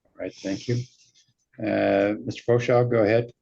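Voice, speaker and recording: A male judge runs a courtroom hearing, stepping in briskly to cut off speakers and keep things moving. His voice is low, gravelly and raspy. The recording sounds muffled and dull. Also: little pitch movement, a little mellow. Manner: brisk, cuts people off to keep order. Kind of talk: presiding over a courtroom hearing.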